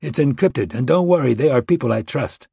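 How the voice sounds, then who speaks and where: A man narrating an audiobook, voicing a smug, injured American traitor who speaks in a calm, amused and condescending way. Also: mid-range voice, a little fast, creaky, husky, no echo, studio quality, pitched above the performer's own voice, heavily acted.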